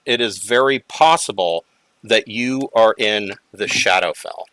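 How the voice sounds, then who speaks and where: Guy dm narrating a tabletop game, laid back, bright dry sound. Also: lowish voice, no echo, poor audio. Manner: relaxed, halting, with fillers and chuckles. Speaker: game master.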